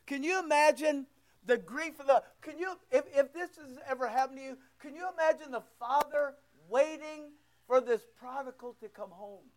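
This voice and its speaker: An older man preaching a sermon as pastor, loud and emphatic, swinging between near-shouts and quiet asides. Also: very high-pitched, normal speed. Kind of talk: sermon with prayer.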